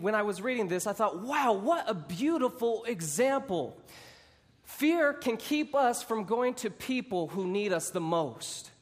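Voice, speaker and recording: A man preaching a sermon, retelling a Bible story with animated storytelling and dramatic re-enactments. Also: high voice, big-room sound.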